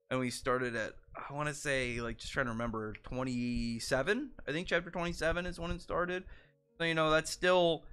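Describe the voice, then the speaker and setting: Young man, casual solo commentary, rambling, bright voice, faint background music. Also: medium pitch. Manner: rambling, restarts often, lots of "like". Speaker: manga reviewer.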